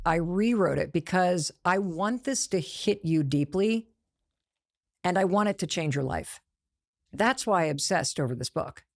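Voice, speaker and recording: A woman's voice: fairly low pitch, creaky, darkish tone. A woman author addressing her viewers directly in a vlog, earnest and emphatic. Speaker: author and host.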